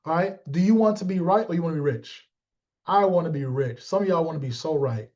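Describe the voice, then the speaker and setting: Animated high-voiced man rallying his team. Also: brisk, lo-fi sound. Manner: animated, streetwise, addresses audience by name. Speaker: team leader. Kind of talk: motivational team talk.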